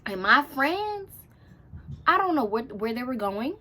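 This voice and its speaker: A woman's voice: high voice, very animated, measured pace, bright, forceful tone. A teenage girl telling a story to camera in a chatty, slangy way, acting out her own reactions and quotes. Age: teens. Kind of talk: casual storytime.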